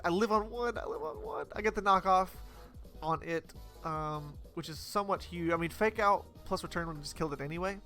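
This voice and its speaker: A young man talks through his own gameplay in a bright, forceful voice that sits a little higher than most men's. He rambles casually, full of fillers and quick self-corrections, with faint music playing underneath. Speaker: competitive Pokemon player commentating his battle.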